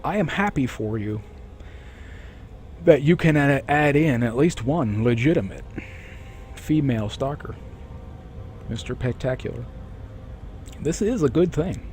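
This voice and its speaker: A man streaming a game live, chatting with viewers in a rambling way. He keeps correcting himself and clearing a sore throat. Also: mid-range voice, expressive, measured pace, long pauses, a little mellow, a little hiss or hum. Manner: rambling, self-correcting, reads chat aloud. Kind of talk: casual live-stream chat.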